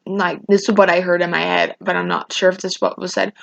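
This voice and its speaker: Teen girl ranting storytime vlog, kinda gravelly, keeps restarting, muffled lo-fi audio. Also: medium pitch, little pitch movement, fast, few pauses, dry recording. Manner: rambling, restarts often, quotes people in raised voices. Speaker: vlogger. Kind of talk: casual storytime rant.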